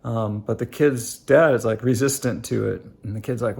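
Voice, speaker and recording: Middle-aged vlogger dad, very gravelly voice, earnest and halting, many ums, speaks straight to camera. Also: male voice, mid-range voice, a little mellow. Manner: halting, many fillers and restarts; earnest, addresses viewers directly. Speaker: family life vlogger. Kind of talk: casual reflective monologue.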